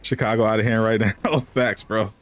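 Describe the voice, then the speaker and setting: Joking low-voiced male streamer. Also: fairly even intonation, moderate pace, soft background music. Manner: joking, teasing banter with frequent laughs. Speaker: gaming streamer. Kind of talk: casual live-stream chat answering viewers.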